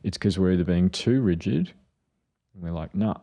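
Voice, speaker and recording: A man with a very low, gravelly and husky voice. He talks through parenting ideas in a casual podcast chat. He slips into quoted voices to tell his stories. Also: normal speed, dark tone. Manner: storytelling, acts out quotes. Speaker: podcast co-host, mental health clinician.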